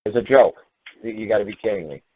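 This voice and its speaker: A man's voice: on the low side, fast, no room sound. A man hosting a call-in radio show, ranting in an exasperated, profane way. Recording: tinny phone-line radio audio.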